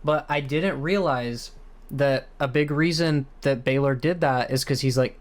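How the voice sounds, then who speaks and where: A man co-hosting a podcast, talking in a relaxed, chatty way full of filler words. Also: medium pitch, unhurried. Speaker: podcast co-host. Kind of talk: casual fan discussion.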